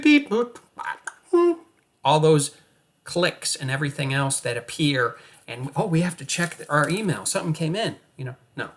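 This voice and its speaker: Male acting coach, slightly raised pitch, energetic and playful, addresses viewers directly. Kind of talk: coaching monologue to camera.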